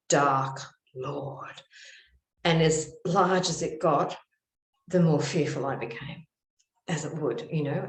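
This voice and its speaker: A woman telling a personal spiritual story with dramatic delivery, dropping to a whisper for her inner thoughts. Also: sits low. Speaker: spiritual teacher. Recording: echoey room.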